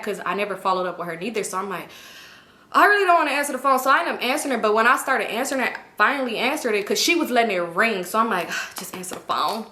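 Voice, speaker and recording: A woman's voice: fairly high pitch, bright, forceful tone. A young woman telling a personal story to her viewers in a chatty, slangy way and often calling them "y'all". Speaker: storytime vlogger. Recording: echoey room.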